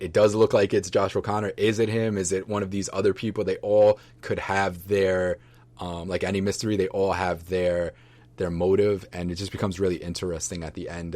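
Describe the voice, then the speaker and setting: A man's voice: low voice, a little mellow, no room sound. A man casually rambling through a movie review for his viewers, loose and enthusiastic, with many fillers and restarts. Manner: enthusiastic, affectionate toward viewers. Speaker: vlogger reviewing books and movies.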